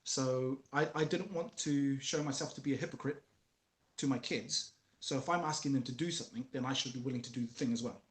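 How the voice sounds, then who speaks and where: A man in an echoey room, talking in an earnest, storytelling way about raising his kids. His voice sits at an ordinary middle pitch. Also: a little fast. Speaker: guest. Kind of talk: casual conversation about fatherhood.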